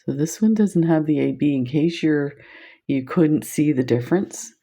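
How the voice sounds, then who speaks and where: A woman hosting a beading video, gushing and excited as she shows off new beads, laughing often. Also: low-pitched, normal speed, breathy edge. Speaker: beading channel host. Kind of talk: casual product showcase vlog.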